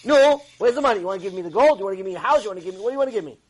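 A scornful, greedy well-owner, voiced by a man in a lecture story, who taunts his debtor loudly. The voice sits high for a man and mocks with every line. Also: animated, unhurried, heavily acted, poor audio. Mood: taunting. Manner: taunting, loud and jeering.

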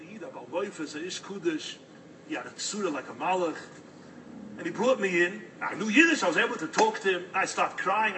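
A man telling a story in an animated, dramatic storytelling manner. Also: a little high, far from the mic, slight background noise, low-quality recording. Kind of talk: oral storytelling.

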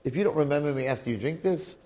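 A man playing a wise old medicine man who speaks in a calm, insistent way. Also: a little high, rapid-fire, close to an everyday voice. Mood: urging.

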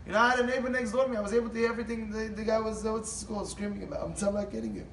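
High-voiced man telling an animated story. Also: rapid-fire, few pauses, a little hiss or hum. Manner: lively, acts out every part of the story. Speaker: storyteller giving a talk. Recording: roomy, distant mic, faint ambience.

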